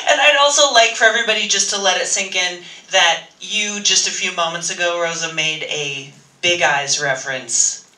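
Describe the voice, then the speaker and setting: A man moderating a convention panel, playful and quick to exclaim. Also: high-pitched, very noisy. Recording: echoey hall, far-off mic.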